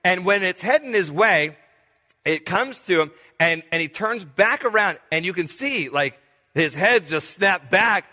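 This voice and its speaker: A man preaching a sermon, telling a personal story with vivid sound words and lively delivery. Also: high-pitched, measured pace. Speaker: pastor. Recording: long reverb of a large hall.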